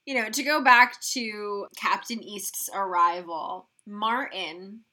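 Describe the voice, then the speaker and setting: A woman's voice: medium pitch, slow pace, pushed and bright. A woman co-hosting a podcast, recapping a film in a casual way with frequent "like" fillers. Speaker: podcast co-host.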